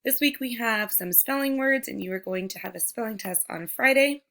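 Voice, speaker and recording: A woman teacher giving a recorded phonics lesson to young children, sounding out words slowly and speaking to them directly. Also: a little high, bright, forceful tone, a little hiss or hum. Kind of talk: slow, deliberate remote phonics lesson.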